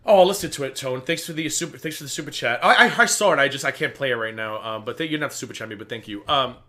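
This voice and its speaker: Man, streamer host, casual chat, profane, animated storyteller, bright tone. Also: mid-range voice, quick pace. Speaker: livestream host.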